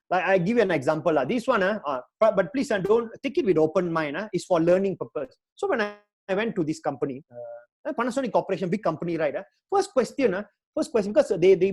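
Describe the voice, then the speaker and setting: Lively Malaysian man giving career advice. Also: high voice, fast. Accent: Malaysian English. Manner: animated, chatty, mixes Malay words into English. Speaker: career talk speaker. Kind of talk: motivational talk with audience Q&A.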